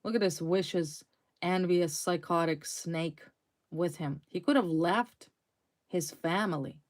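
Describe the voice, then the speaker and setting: Slow, intense woman tarot reader. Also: lowish voice. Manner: intense, repetitive, dramatic emphasis. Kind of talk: tarot reading to viewers.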